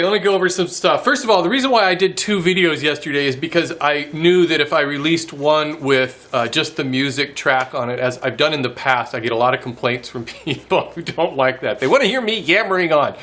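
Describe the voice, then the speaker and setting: Guy chatting to his channel, laughs at himself a lot, kinda high bright voice. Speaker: woodworking channel host. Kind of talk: casual chat to camera.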